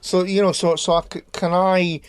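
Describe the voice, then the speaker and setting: A man's voice: sits high, level tone, normal speed, clean tone, dry recording. A man co-hosting a film podcast, speaking in a blunt, sweary and teasing way. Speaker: podcast co-host. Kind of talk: casual film chat.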